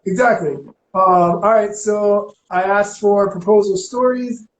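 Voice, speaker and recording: A man's voice: sits high, a little slow. A man in his thirties co-hosting a casual chat, joking and cutting in with his own opinions. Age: 30s. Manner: joking, interjecting. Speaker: co-host. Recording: roomy sound with faint background noise.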